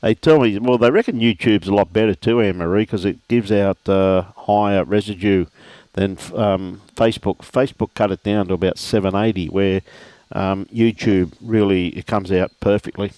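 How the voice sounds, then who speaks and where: A middle-aged Australian man speaks at normal speed in a low, slightly mellow voice, barely pausing, on a dry recording. He gives casual, chatty commentary on a lawn bowls livestream and welcomes viewers by name.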